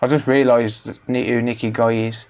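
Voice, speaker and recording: Brief: Midlands man, mid-pitched, banters and swears while doing repairs on a live stream. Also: level tone, moderate pace, a little mellow. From English Midlands. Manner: joking, bantering, swears freely. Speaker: electronics repair livestreamer. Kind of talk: casual livestream chat while working.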